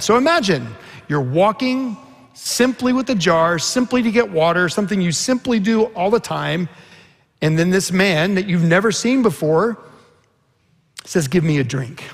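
A man preaching a sermon, retelling a scripture story with earnest intensity. His voice sits a little high and has a gravelly edge. It carries a long reverb, as from a large hall. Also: expressive, moderate pace. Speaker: pastor.

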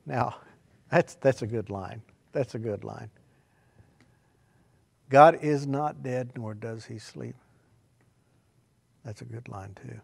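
A man preaching a sermon, telling rambling folksy stories and swinging from quiet asides to loud, shouted emphasis. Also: medium pitch, steady tone, measured pace, creaky, long pauses, breathy edge.

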